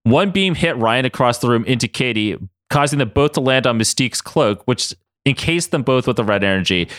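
A male podcast host narrates a silly adventure story with lively, animated intonation. His manner is playful. The recording is dry and close. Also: medium pitch, a little fast, no echo. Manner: playful, animated, laughing often.

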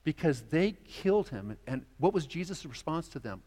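A man's voice: on the high side, big pitch swings, normal speed, a little mellow. A man preaching a sermon as pastor, earnest, voicing quoted dialogue as he speaks. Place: church sanctuary. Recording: long church reverb.

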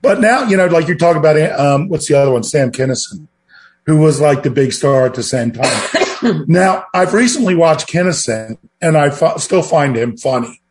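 A man's voice: fairly high pitch, expressive, moderate pace, darkish tone. Rambling man recalling old comedy. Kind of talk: casual chat about movies.

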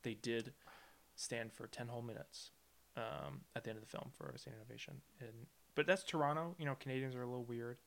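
A man's voice: medium pitch, steady tone, brisk, vocal fry. A man co-hosting a casual film podcast, joking and laughing often with his co-host.

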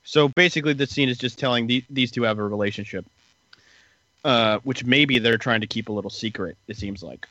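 A man talks through a plot recap in a loose, rambling way, full of "uh" and "like". His voice is bright and sits in a dry, close space. The sound is a little dull and lo-fi. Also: medium pitch, a little fast, dry recording. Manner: relaxed, rambling retelling with many fillers. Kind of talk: casual podcast recap chat.

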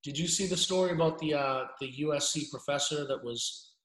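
A middle-aged man talks bluntly and at length as a podcast guest, restarting his sentences as he goes. His voice sits a little high for a man. The room around him sounds echoey. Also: brisk, fairly bright tone. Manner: blunt, rambling, restarts often. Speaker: journalist guest. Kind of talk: casual podcast interview.

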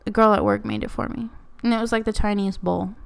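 Smooth-voiced young woman, blunt casual podcaster. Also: medium pitch, very animated, quick pace. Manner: blunt, swears freely, joking. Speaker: podcast co-host. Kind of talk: casual chat.

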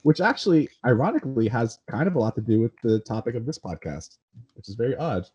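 A Californian man hosts a podcast in a mellow, husky voice. He jokes and rambles in loose, casual chat. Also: mid-range voice, big pitch swings, quick pace, muffled recording. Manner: joking, rambling. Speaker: podcast host.

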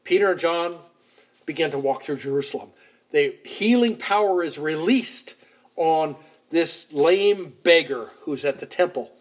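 A man preaches, retelling scripture as a vivid story. His voice sits fairly high for a man and moves between loud and quiet, with quick runs and slowed, stressed words. He sounds like he is leading a congregation through the account. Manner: animated storytelling, shifting loudness, acts out quotes. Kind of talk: sermon retelling a Bible story.

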